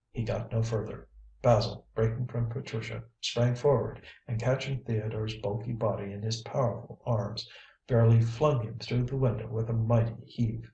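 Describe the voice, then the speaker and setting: A man narrating an audiobook in an even, measured reading. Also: fairly low pitch, gravelly. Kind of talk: scripted narration. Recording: roomy, distant mic.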